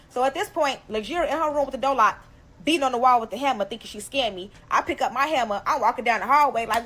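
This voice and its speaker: A woman telling a personal story in a casual storytime, animated and emphatic, cursing freely. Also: sits high, fast talker.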